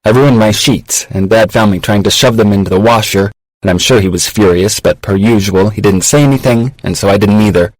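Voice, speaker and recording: A man voicing a wry, candid woman professor in her thirties, reading her confessional, self-mocking messages in a low, dry voice. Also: brisk, no room sound, natural voice, low-quality recording. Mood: wry, confiding.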